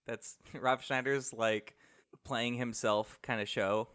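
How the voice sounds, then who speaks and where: A man's voice: medium pitch, slow, clear, resonant tone. A young man co-hosting a casual movie podcast, laughing often and acting out lines from the film. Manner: animated, laughs often, quotes characters. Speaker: podcast co-host.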